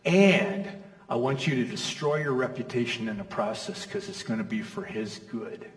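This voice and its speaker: A preacher voicing God, firm and commanding. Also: male voice, mid-range voice, very animated, moderate pace. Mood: solemn. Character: God speaking through an angel, commanding male father figure. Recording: echoey hall from far off.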